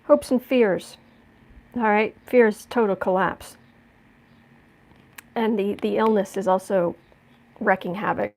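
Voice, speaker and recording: A woman's voice: medium pitch, slow, pauses often, a little mellow. A woman giving a casual tarot reading, musing aloud and often restarting or repeating words. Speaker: tarot reader.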